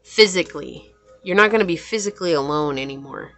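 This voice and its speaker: Warm-hearted female tarot reader, emotional and affirming delivery, slightly low pitch, faint background music. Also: expressive, brisk. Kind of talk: pick-a-card tarot reading.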